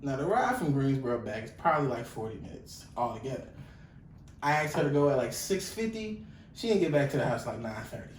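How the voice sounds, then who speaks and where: A young man co-hosting a podcast, telling a story in casual chat, animated and profane, loudly acting out the quotes. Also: mid-range voice, a little fast, distant mic. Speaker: podcast co-host. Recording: echoey room, voice off-mic, faint noise.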